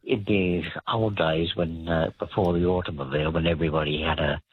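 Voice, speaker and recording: A man calling into a radio show, explaining word origins in a hesitant, rambling way with many pauses. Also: low-pitched, steady tone, a little hiss or hum. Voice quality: very raspy. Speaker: caller. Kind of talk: phone-in radio chat. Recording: tinny phone line.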